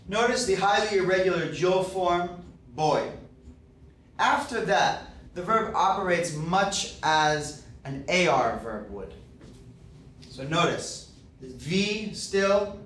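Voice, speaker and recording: Brief: male teacher, slightly high voice, patient explainer, recorded from afar in an echoey classroom. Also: fairly bright tone. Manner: patient, explanatory, frequent "okay" and "uh". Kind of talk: classroom grammar lecture. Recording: roomy, distant mic, faint background hiss.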